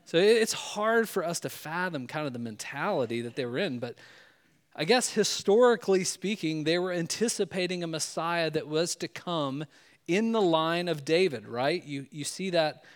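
A man's voice: fairly high pitch, expressive, normal speed. A male pastor giving a sermon in a loose, conversational way, often checking in with "right?".

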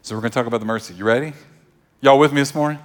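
A man's voice: mid-range voice, racing. A man preaching a sermon as pastor, conversational and joking as he tells stories.

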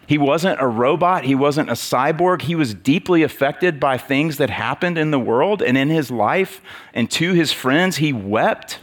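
A man's voice: a little high, expressive, a little slow. A man giving a casual, conversational sermon, with many fillers and restarts.

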